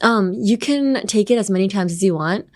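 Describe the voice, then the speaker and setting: A woman's voice: medium pitch, normal speed. Woman, podcast English teacher, playful and teasing, bilingual asides. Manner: playful, teasing, laughs often; switches between English and Japanese.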